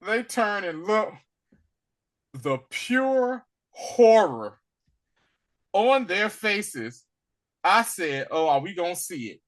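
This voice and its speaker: A man co-hosting a casual recap over a video call, retelling scenes energetically in slang and acting out the characters. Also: on the high side. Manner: animated storyteller, acts out characters, slangy. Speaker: podcast co-host.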